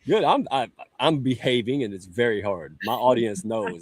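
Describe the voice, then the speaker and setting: A man's voice: mid-range voice, animated, normal speed, husky, no room sound. A man hosting a live online show, chatty and joking in a folksy way. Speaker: talk show host. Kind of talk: lively livestream hosting. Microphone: live stream setup.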